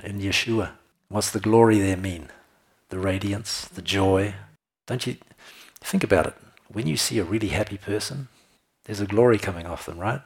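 A man's voice: lowish voice, normal speed, slightly rough. A man preaching a sermon, reading scripture aloud and commenting with frequent laughter.

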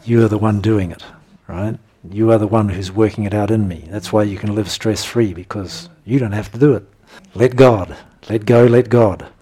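A man preaching a sermon, his voice husky and sitting a little low. He works through scripture verses one by one and breaks into emphatic, animated bursts with chuckles. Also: normal speed, few pauses. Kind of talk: sermon teaching.

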